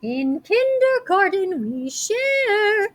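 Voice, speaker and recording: A woman voicing a bossy, cheerful kindergarten teacher who talks slowly and emphatically. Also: very high-pitched, big pitch swings, voice pushed up, full character voice. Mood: lecturing. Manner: slow, sing-song, emphatic.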